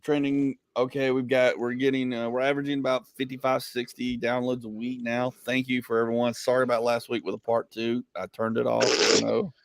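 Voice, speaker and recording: A man's voice: mid-range voice, completely flat delivery, brisk, hardly any pauses, no echo. A man hosting a casual comedy podcast, rambling and joking with frequent laughs.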